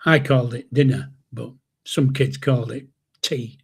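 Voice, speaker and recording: A man's voice: mid-range voice, fairly even intonation, moderate pace, gravelly, husky. An older man hosting a live stream, telling a story in a rambling, chuckling way with mild swearing. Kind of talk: casual storytelling.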